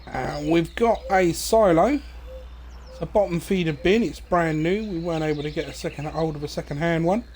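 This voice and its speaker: A man talks through his farm game in a relaxed, meandering way, leaning on ums and uhs as he goes. His voice sits a touch higher than most men's. Faint birdsong and outdoor ambience drift underneath. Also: normal speed, slight background noise. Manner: relaxed, rambling, many fillers. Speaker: gaming streamer. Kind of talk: casual let's-play commentary.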